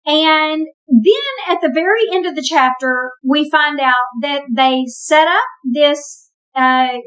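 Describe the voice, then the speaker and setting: A woman with a high voice retells a Bible story casually, as if chatting with friends. She adds wry, emphatic asides as she goes. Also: fairly bright tone, low-quality recording. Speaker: Bible teacher.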